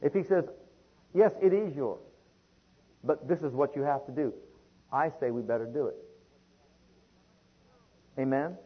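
Guy preaching a sermon, breathy kinda husky voice, dull muffled recording. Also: mid-range voice, measured pace, pauses often. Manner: reads scripture in King James wording, calls listeners beloved.

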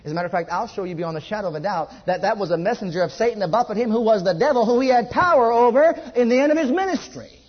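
A man preaching a sermon at a church service. He repeats his exhortations emphatically and drops to a hush. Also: sits high, racing, few pauses, breathy edge, dull audio.

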